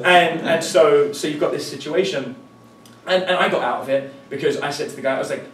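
A man tells a story to a seminar crowd, lively and foul-mouthed, putting on each character's voice. His voice sits slightly high. He is miked from a distance in a reverberant room with faint background noise. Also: a little fast. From London, England. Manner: animated, profane, acts out the people in his stories. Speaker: seminar presenter. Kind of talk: storytelling presentation to a live audience. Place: indoor meeting room with an audience. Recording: echoey room from a distant mic.

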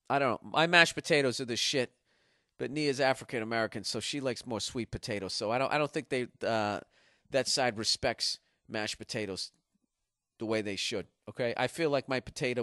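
A swaggering podcast host with a Boston accent, a man in his forties, brags and curses through a loose solo rant. His voice sits at an ordinary pitch. The sound is dry and close on the mic. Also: no room sound. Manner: profane, animated, mock-aggressive bragging. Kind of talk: casual solo podcast rant reading listener email.

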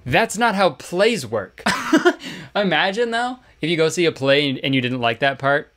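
A man's voice: fairly high pitch, expressive, moderate pace, fairly bright tone, faint music behind. A man doing comedic commentary while playing a story game, sarcastic and jokey, swearing often. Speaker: comedy YouTuber.

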